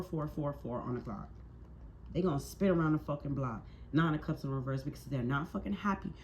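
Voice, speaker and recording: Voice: medium pitch, dark tone, slight background noise. Heated, swearing tarot reader. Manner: heated, profane and emphatic, with repeated rhetorical questions; preachy and scolding. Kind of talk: tarot reading monologue.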